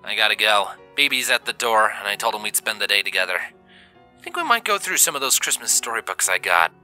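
A man voicing a caring young human father who talks gently and jokes warmly. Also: lowish voice, expressive, fairly quick, faint music behind, poor audio. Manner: gentle, joking and warm. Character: warm caring young adult human dad.

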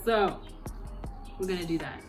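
A woman's voice: lowish voice, unhurried. A South African woman in her twenties, a YouTuber chatting casually to the camera from her bedroom at home in a playful, talkative way, with faint music behind her. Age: 20s. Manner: chatty and playful, breaks into silly voices.

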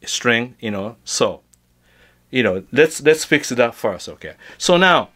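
A man's voice: mid-range voice, very animated, slow, fairly bright tone. A man teaching guitar tricks in a casual, unedited way, chatty and full of fillers and restarts.

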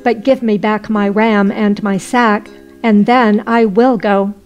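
A woman's voice: medium pitch, steady tone, slow, a little mellow, dull audio, faint music behind, natural voice. A woman voicing a simple, stubborn poor man in a folk tale, speaking bluntly in old-fashioned phrases.

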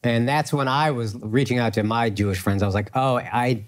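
A man's voice: medium pitch, moderate pace. A man in a casual podcast conversation, reflective and often chiming in to agree.

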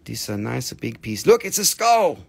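A man's voice: mid-range voice, very animated, normal speed, vocal fry, a little mellow, breathy edge. A man hosting a live sales stream of stones, joking playfully while he counts pieces aloud and cuts prices. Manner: joking, playful, bursts into song. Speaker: live-stream seller of minerals.

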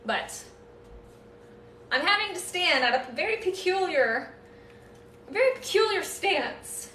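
A woman's voice: sits high, big pitch swings, slow pace, long pauses, pushed and bright, recorded from a distance, a little hiss or hum. A woman hosting a casual live stream, chatting with viewers and thanking them, with playful nervous laughs. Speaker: livestream host. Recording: echoey room, voice off-mic.

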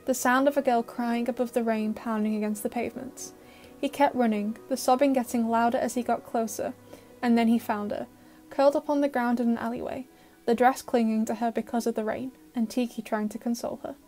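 A woman reads an audio fan-fiction story in a steady, emotive way. Her voice is fairly high, and soft music plays faintly beneath it. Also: fairly quick. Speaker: narrator.

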